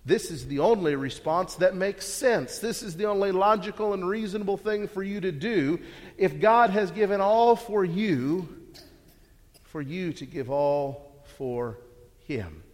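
A man's voice: high voice, expressive, measured pace. A man preaching a sermon, earnest and full of rhetorical questions, often repeating words as he restarts. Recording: long hall reverb.

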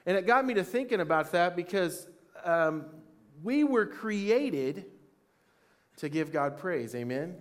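A man preaching a sermon, reading scripture aloud and asking the congregation questions, with praise lines that rise toward shouting. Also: high-pitched, very animated, unhurried. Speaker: pastor.

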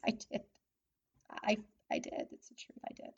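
A woman's voice: sits high, normal speed, long pauses, poor audio. A woman telling her own life story as a candid monologue, repeating phrases and asking the listener rhetorical questions. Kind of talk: personal testimony monologue.

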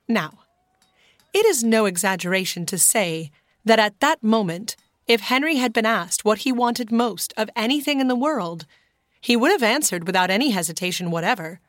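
A woman narrating a children's storybook in a clear, steady manner. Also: mid-range voice, moderate pace, dry recording. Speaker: audiobook narrator.

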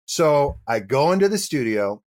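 A man's voice: mid-range voice, moderate pace. A middle-aged male actor, a guest on an interview show, telling a funny story and acting out the people in it. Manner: animated storyteller acting out dialogue. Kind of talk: interview anecdote.

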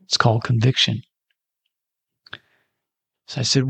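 A man's voice: mid-range voice, level tone, unhurried, vocal fry, long pauses, slightly rough, no echo. A man in his sixties telling a personal story in a casual, self-deprecating way and acting out the dialogue. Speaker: storyteller giving a personal testimony.

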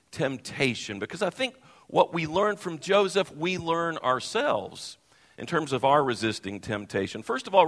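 A male pastor telling a funny personal story in a sermon, animated and self-deprecating. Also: fairly high pitch. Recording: long hall reverb.

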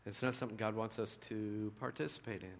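A middle-aged man preaching a sermon in a conversational storytelling way, dropping to a hush and rising to loud emphasis. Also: lowish voice, flat delivery, quick pace, creaky, a little hiss or hum. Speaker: pastor.

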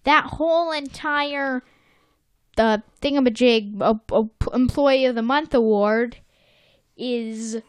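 Young woman chatting slow about a cartoon, kinda high voice, dry close sound, goofy. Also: clear, resonant tone, no echo. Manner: playful, acts out characters in silly voices. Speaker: podcast co-host recapping a cartoon episode. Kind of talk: casual chat.

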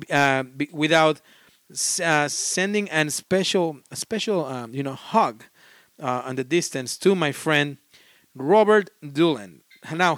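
A man hosting a board game podcast on his own, with a voice pitched a little high. He rambles eagerly, restarts often and apologizes for how he pronounces things. The close-miked sound is dry, with no room echo. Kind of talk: casual solo podcast monologue.

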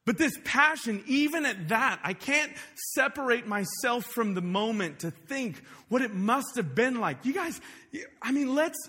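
Male pastor, high bright voice, casual and animated, shouts for emphasis, reverberant hall. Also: breathy edge. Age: adult parent. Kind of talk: sermon. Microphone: wearing a microphone.

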